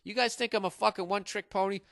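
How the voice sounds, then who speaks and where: A man's voice: high voice, fairly even intonation, fast, creaky, fairly bright tone, no echo. Guy with a boston accent ranting on his podcast, swearing a lot, sarcastic, dead dry mic. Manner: profane, sarcastic, riffing to listeners. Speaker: podcast host. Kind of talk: rambling comedic monologue.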